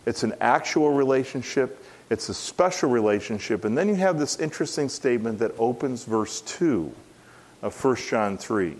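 A middle-aged man, a pastor, preaching an expository sermon in an earnest, emphatic way, repeating key phrases and rising in pitch when stressing a point. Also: lively intonation, normal speed, darkish tone.

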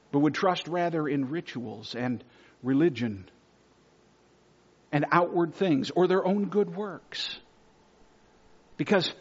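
A man preaching a sermon from the pulpit to his congregation, earnest, dropping to hushed near-whispers and rising on points of emphasis. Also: sits high, dull audio. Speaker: pastor. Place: church sanctuary.

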